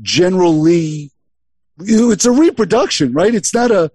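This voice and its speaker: A man hosting a casual chat, stammering and halting as he frames his questions. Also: high voice, animated, a little mellow, slightly rough, no room sound.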